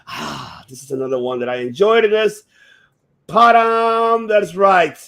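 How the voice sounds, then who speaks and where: Excitable high-voiced man, swearing freely. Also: measured pace. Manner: excitable, profane, rambling with many restarts. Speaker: podcast host. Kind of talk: casual chat about wrestling.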